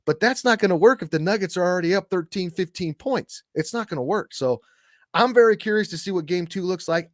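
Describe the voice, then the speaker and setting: Male co-host talking sports, rambling and repetitive, slightly high pitch, dry recording. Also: no echo. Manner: rambling, many restarts and repeats. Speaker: podcast co-host, middle school coach. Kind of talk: casual sports talk.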